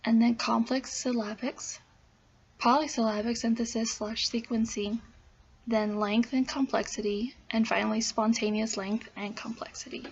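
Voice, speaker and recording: A woman's voice: a little high, fairly even intonation, normal speed, slight background noise. A woman presenting a class talk, reading aloud and steadily listing steps in order, in a dull lo-fi recording. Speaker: student presenter.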